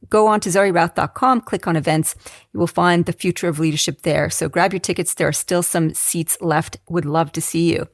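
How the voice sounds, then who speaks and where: A woman's voice: lowish voice, no echo, studio quality. An Australian woman hosting a podcast, enthusiastic and laughing often. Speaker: podcast host. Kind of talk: casual podcast interview. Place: Canberra.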